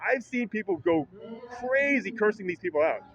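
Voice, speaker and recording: A man's voice: lively intonation, normal speed, muffled recording. Rambling man retelling a run-in. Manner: rambling with many restarts, acts out quotes in a higher voice. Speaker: vlogger. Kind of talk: casual retelling of an incident. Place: public library.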